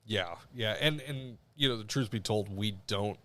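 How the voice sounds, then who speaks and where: Low-voiced, agreeable man co-hosting. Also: normal speed, pushed and bright. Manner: agreeable, backchannels often. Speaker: podcast co-host. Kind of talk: casual chat.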